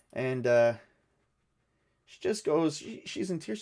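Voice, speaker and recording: A man narrating a solo tabletop game, rolling dice and thinking aloud in a halting way with many fillers. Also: a little high, expressive, a little mellow. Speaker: game master.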